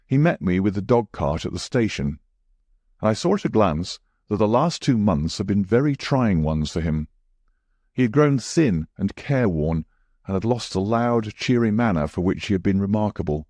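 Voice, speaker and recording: A man reading a classic mystery story as measured audiobook narration. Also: fairly low pitch, expressive, warm tone, dry recording, studio quality.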